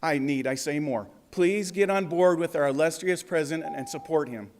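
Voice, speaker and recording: A man's voice: a little high, normal speed. A man giving an angry, combative public comment at a city council meeting, speaking at a podium microphone.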